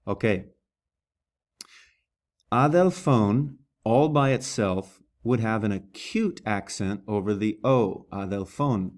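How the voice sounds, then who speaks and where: Slow, patient man teaching a lesson. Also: fairly low pitch, a little mellow. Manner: patient, spells out words syllable by syllable. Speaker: Greek teacher.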